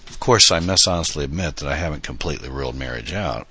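A man's voice: rumbling low, fast, bright, forceful tone, husky, heavily acted. A man voicing a genial older uncle in an audiobook, speaking fondly and teasingly to his niece. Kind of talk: audiobook dialogue.

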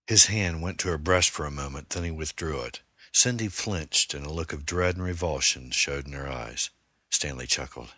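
A man narrating a thriller novel chapter in a measured, deliberate way. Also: a bass voice, pushed and bright, dry recording, studio quality. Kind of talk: audiobook narration.

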